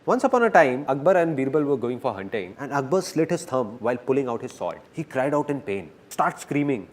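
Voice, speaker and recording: A man giving a motivational talk to a live audience, animated and playful, repeating his key lines. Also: mid-range voice, brisk, few pauses. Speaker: motivational speaker.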